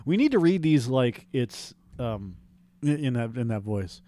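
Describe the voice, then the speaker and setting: A man's voice: medium pitch, very animated, unhurried, mellow. A man co-hosting a comedic podcast, reading a listener's post aloud in a mock-formal way and laughing at crude jokes. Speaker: podcast co-host.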